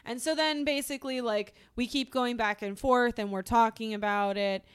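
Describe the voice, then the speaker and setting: A woman's voice: fairly high pitch, steady tone, normal speed, smooth. A young woman co-hosting a podcast, telling a personal story in casual chat, rambling with lots of "like" and restarts. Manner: rambling, heavy use of "like", restarts. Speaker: podcast co-host.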